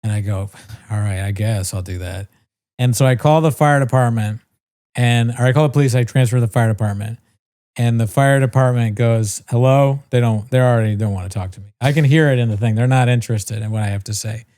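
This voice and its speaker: A man's voice: mid-range voice, fairly quick. Guy on a podcast rambling thru a story, cusses a lot, does little voices for ppl. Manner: animated storyteller, swears freely, mimics voices. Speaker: podcast co-host. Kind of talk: casual storytelling chat.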